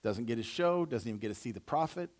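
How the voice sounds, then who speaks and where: A man's voice: medium pitch, expressive, quick pace. Man teaching the Bible casually. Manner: casual retelling in everyday slang. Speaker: pastor.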